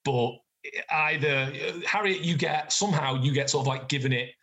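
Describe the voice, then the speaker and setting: A man narrating a tabletop game as game master, describing scenes in lively detail with casual fillers. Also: fairly high pitch, moderate pace, rough recording.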